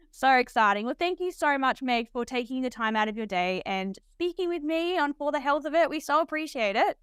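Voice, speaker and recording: A young Australian woman hosting a podcast interview, chatty and enthusiastic, talking fast with lots of laughs in her voice. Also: high-pitched, animated, a bit bright, dry recording, clean studio sound. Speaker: podcast host, nurse. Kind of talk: casual interview chat.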